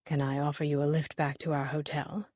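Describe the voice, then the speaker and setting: A woman's voice: on the low side, fairly even intonation, a little slow, warm tone, no room sound, clean studio sound, natural voice. A woman voicing a charming man with a teasing manner.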